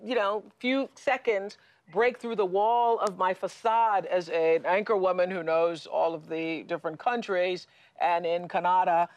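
A middle-aged woman hosting a studio talk show, telling stories in a lively way with frequent restarts. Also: lowish voice, a little slow. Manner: lively and storytelling, with many restarts and laughs. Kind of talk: studio conversation with a guest. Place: television studio.

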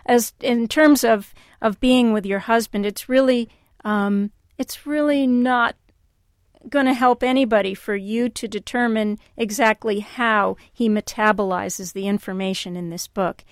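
A woman hosting a call-in radio show, speaking in a calm and reflective way and telling stories. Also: a little high, unhurried, no room sound, studio quality.

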